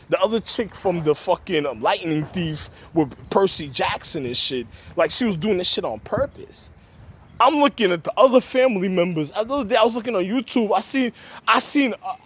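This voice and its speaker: A man's voice: on the high side, slight background noise. A man in a rambling, agitated monologue, swearing often, repeating himself and acting out his own past replies. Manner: agitated, repetitive, swearing, quoting himself in raised voice.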